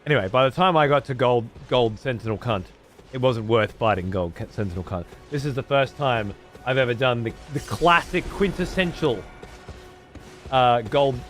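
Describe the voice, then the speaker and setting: A man's voice: medium pitch, normal speed, a bit bright, faint music behind. A man streaming a game live, rambling, swearing a lot and chatting to his viewers. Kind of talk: live gameplay commentary.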